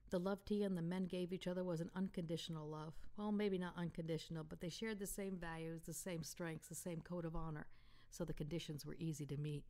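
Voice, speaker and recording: A woman author reading aloud from her romance novel in a calm, intimate manner. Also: on the low side, a little fast. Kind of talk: audiobook narration.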